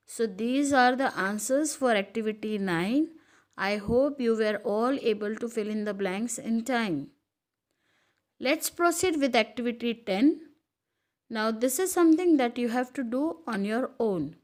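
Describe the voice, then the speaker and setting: A woman teacher giving a recorded school lesson, speaking slowly and carefully. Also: a little high, animated. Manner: slow, careful, instructive.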